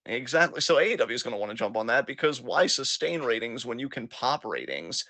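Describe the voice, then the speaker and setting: A man co-hosting a casual wrestling podcast, animated, laughing often and swearing freely. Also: mid-range voice, fairly quick, no echo. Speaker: podcast co-host.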